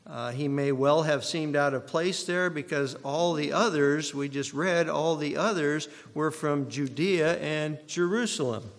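A man's voice: fairly high pitch, a little slow, few pauses. A man from Iowa preaching a sermon as pastor, teaching in a conversational, digressive way. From Iowa, USA. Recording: long hall reverb.

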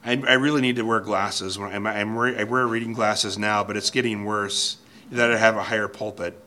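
A man's voice: lowish voice, fairly even intonation, normal speed, sharp tone. A man preaching an expository sermon from a church pulpit, earnest and emphatic, often restarting and repeating words. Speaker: pastor.

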